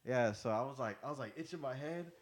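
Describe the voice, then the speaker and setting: A young man tells stories in a loose, casual podcast chat. His voice moves up and down a lot as he acts out the people in them, sitting at a middle pitch. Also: fast talker, slight background noise. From Texas. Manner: animated storytelling, acting out quotes. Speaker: podcast guest.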